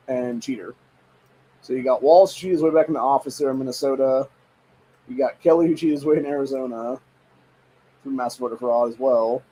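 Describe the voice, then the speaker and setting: Here the Ohio podcast host, a young man, speaks at a medium pitch with a darkish tone while reading headlines and ranting profanely about them. It's casual political commentary, recorded poorly with a little background noise.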